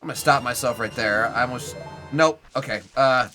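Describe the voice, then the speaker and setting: Young man, game streamer, bright ringing voice, rambling casual chat, faint music behind. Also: medium pitch, brisk. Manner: rambling, chatty, heavy on "like" fillers. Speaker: Twitch streamer playing a video game. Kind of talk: casual live gameplay commentary.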